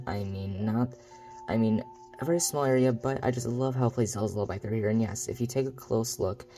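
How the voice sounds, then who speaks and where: A male gamer narrating his playthrough in a loose, rambling style, full of sarcastic jabs and self-mocking asides. His voice is mellow and darker in tone. Soft game music plays faintly underneath. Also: on the low side. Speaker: let's play host. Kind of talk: let's play commentary.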